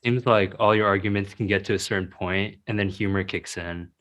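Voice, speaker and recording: A man's voice: on the low side, fairly even intonation, fairly quick, a bit bright. A man in his twenties hosting a podcast interview, asking friendly, easygoing questions. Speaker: podcast host.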